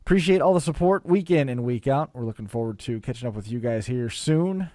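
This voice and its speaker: A man's voice: medium pitch, lively intonation, dark tone, no room sound, clean studio sound. A man hosting a casual racing talk show, teasing his co-host and wrapping up the episode. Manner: quick, teasing, wraps up the show. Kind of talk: casual chat.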